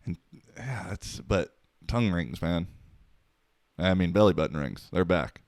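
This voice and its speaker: A man's voice: low-pitched, expressive, unhurried, a little mellow, no echo, clean studio sound. A man hosting his own podcast, talking alone in a rambling, profane, wisecracking way. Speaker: podcast host. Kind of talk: casual solo podcast monologue.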